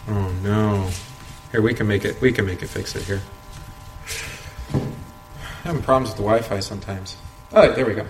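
A man's voice: lowish voice, a little fast, long pauses. A man leading an informal Bible study, talking conversationally, asking rhetorical questions and chuckling often. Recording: roomy echo, faint background noise.

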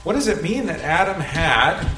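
A man's voice: a little high, big pitch swings, moderate pace, over music. A man leading an informal Bible study, talking conversationally, asking rhetorical questions and chuckling often. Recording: roomy echo, faint background noise.

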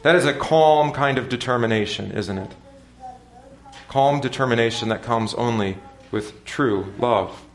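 A man preaching a sermon in a measured, earnest manner with deliberate pauses. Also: medium pitch, roomy sound, slight background noise. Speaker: pastor.

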